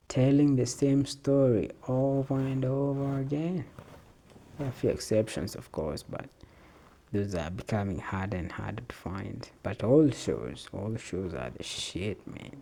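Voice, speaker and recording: A man's voice: mid-range voice, vocal fry, mellow, a little hiss or hum. A man hosting a solo podcast, rambling off the cuff and swearing casually. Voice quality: swears a lot, laid-back and off-the-cuff. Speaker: podcast host.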